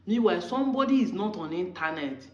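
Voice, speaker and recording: A commentator from Nigeria speaks with a Nigerian English accent, pressing a heated argument through strings of rhetorical questions. The voice sits at a middling pitch. The recording carries a roomy echo and a somewhat muffled, dull tone. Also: animated, fast. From Nigeria, Igbo. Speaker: online commentator.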